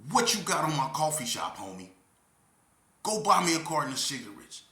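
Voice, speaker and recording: A man telling an emotional story of his past as an interview guest, talking intensely in street slang and repeating himself, swinging from near shouts down to a low voice. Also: very animated, normal speed, reverberant. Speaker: interview guest recounting prison life.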